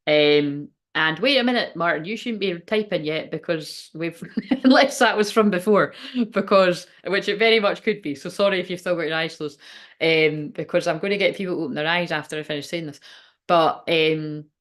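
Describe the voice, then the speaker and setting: A woman's voice: on the low side, moderate pace, a bit bright. A woman who works as a spiritual medium, rambling chattily and emotionally on a live stream and laughing often. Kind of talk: casual live-stream chat.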